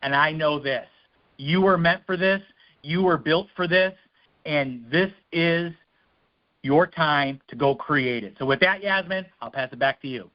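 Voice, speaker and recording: Fired-up guy rallying the team, highish voice, muffled line. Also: a little slow. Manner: fiery, rousing. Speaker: guest speaker. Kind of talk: motivational speech.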